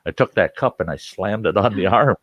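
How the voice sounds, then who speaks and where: A man casually telling a rough personal anecdote, acting out what people said. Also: fairly low pitch, fairly quick, no room sound, highs cut off. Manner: animated anecdote with acted-out quotes. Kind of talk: casual storytelling.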